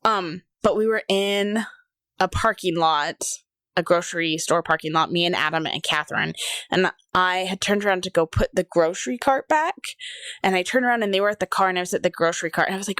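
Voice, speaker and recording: Low-voiced woman telling a candid story. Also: fairly quick, a bit bright, no echo, clean studio sound. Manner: candid personal storytelling, acts out quoted voices. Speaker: podcast co-host. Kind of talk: casual chat.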